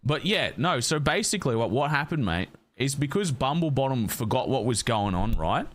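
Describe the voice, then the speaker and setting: A man's voice: mid-range voice, sing-song, normal speed, a bit bright. A man with an exaggerated Australian accent, playing a blustering storyteller in a role-play game who says mate constantly. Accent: overdone Australian. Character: bloke spinning a tall tale in a crime role-play.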